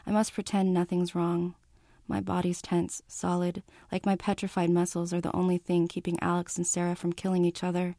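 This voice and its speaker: Woman calmly reading her own novel aloud. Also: fairly low pitch, no room sound, clean studio sound. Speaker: author.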